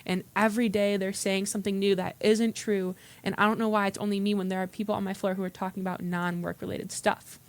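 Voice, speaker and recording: A woman's voice: mid-range voice, flat delivery, fast, hardly any pauses. Woman, workshop participant, earnest storyteller, mid-range voice, plain room. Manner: earnest, recounts dialogue in quotes. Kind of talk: telling a personal story. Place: meeting room.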